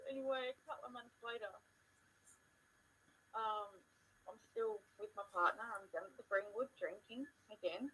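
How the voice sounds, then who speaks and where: A woman's voice: mid-range voice, moderate pace, long pauses, pushed and bright, a little hiss or hum, low-quality recording. A young woman telling stories in casual chat, blunt and swearing freely as she talks to her mother.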